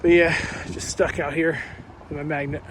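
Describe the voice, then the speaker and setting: A man vlogging outdoors by flood water, talking excitedly to his viewers through a handheld camera mic, often exclaiming. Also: a little high, normal speed. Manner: excitable, exclaims and talks to viewers as "you guys". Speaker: magnet fishing vlogger. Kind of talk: casual vlog talk to camera. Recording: outdoor noise with passing cars.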